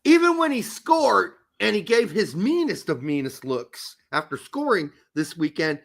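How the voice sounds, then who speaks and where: A man's voice: high-pitched, big pitch swings, unhurried, vocal fry. A man hosting a casual sports talk show, ranting in a heated, profane way. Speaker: podcast host.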